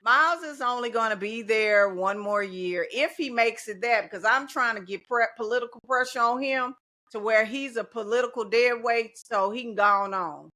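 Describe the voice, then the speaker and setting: A woman's voice: fairly high pitch, moderate pace, pushed and bright. A middle-aged woman, a teacher and union organizer talking casually and determinedly as a podcast guest. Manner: determined, speaks in slogans, laughs easily.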